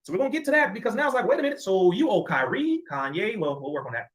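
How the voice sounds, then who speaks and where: A man's voice: sits high, big pitch swings, rapid-fire, hardly any pauses, a bit bright. A man giving an impassioned address to camera, emphatic, sarcastic and repetitive. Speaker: commentator.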